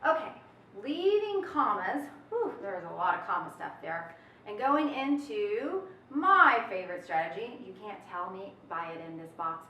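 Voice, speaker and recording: A woman teaching a webinar grammar lesson in a lively, folksy manner, drawing out her examples for emphasis. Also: mid-range voice, far from the mic, slight background noise. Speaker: test prep instructor. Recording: echoey room, off-mic.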